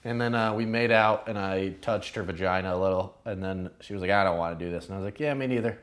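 Male, low voice, casual chat, animated storyteller who acts out quotes. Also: fast talker.

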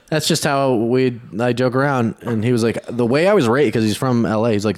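A man talking casually on a comedy podcast, telling stories in an animated way and laughing often. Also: medium pitch, fast, few pauses. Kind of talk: casual chat.

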